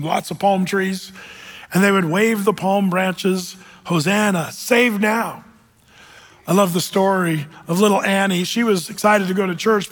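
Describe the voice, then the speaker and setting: Husky preacher in a reverberant hall. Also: male voice, high-pitched, a bit bright. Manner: storytelling preacher reading scripture aloud. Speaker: pastor. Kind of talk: sermon. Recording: long reverb of a church hall.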